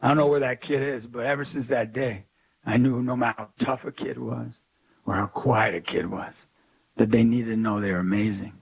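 A man's voice: medium pitch, steady tone, normal speed, creaky, slightly rough. A man being interviewed as a guest, telling stories with energy and emphasis and acting out the people he quotes. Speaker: guest, youth speaker. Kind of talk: animated storytelling interview.

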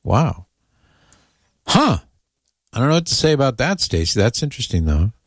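A man's voice: mid-range voice, sing-song, normal speed, husky, no echo, clean studio sound. A man hosting a casual radio talk show, chatting in an amused way and reading listener emails aloud.

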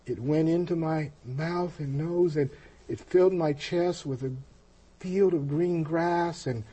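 Husky man telling a personal story. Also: on the high side, mellow, lo-fi sound. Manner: slow, halting, with many pauses and restarts. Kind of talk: personal testimony.

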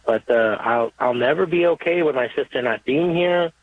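A man calling in to a radio show, earnest and halting, often repeating himself as he speaks. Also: medium pitch. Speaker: caller. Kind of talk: emotional call-in testimony. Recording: tinny phone line.

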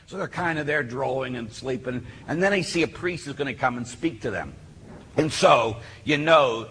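A man, a Catholic priest, preaching a sermon and telling stories with lively acted-out voices. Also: on the high side. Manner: animated storyteller who acts out voices. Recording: hall reverb, faint background noise.

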